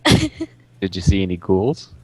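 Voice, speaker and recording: A man narrating as game master in a tabletop game, halting with many ums and uhs. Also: sits low, wildly swooping pitch, breathy edge, no echo.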